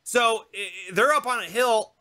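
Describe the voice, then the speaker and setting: A man's voice: high voice, measured pace, bright, forceful tone, no echo, studio quality. A man in his thirties co-hosting a podcast, telling a comic anecdote in casual chat and acting out the voices of the people in it. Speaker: podcast co-host.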